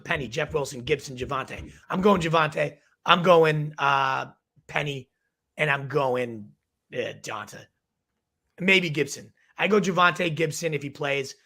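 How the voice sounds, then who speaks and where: Young male host, rapid-fire calls, bright husky voice with gravelly fry, going hoarse. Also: a little high. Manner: energetic, quick verdicts. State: losing his voice. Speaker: fantasy football show host. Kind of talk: rapid-fire live advice show.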